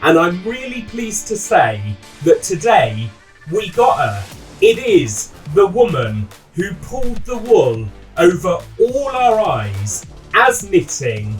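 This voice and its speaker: A man's voice: high voice, huge pitch swings, takes it slowly, recorded from a distance, soft background music. A man hosting a podcast, opening with an upbeat presenter's welcome and asking eager questions of his guest. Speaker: podcast host. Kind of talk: podcast interview.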